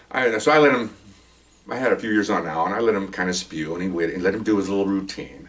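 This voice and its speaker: A man's voice: low voice, quick pace, fairly bright tone, distant mic. An older man, a police veteran, telling his own anecdotes in a casual, rambling way full of repeated "you know.".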